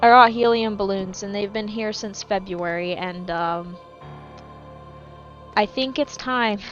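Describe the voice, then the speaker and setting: A woman's voice: medium pitch, unhurried, fairly bright tone, lo-fi sound, faint music behind. A woman chatting casually while gaming, rambling and swearing freely in a jokey put-on accent. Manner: jokey put-on East Coast-style accent. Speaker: gaming streamer.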